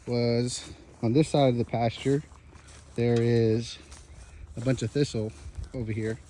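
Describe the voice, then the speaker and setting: Easygoing male rancher with a warm, mellow voice, outdoors. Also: medium pitch, slight background noise. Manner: easygoing, explanatory. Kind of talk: casual vlog narration. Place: outdoor pasture.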